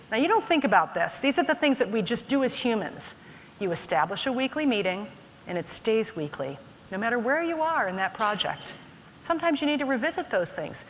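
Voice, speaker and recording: Woman giving a keynote in an echoey hall. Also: medium pitch. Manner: lively storytelling, direct address to audience. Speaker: keynote speaker. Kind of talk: conference keynote. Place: large conference hall. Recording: echoey hall, faint background noise.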